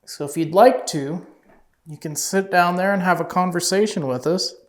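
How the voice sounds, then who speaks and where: A man on a ghost hunt, gently and politely coaxing a spirit with questions, recorded in an office of an old house. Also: high-pitched, normal speed. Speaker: paranormal investigator. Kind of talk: ghost-hunting session talk.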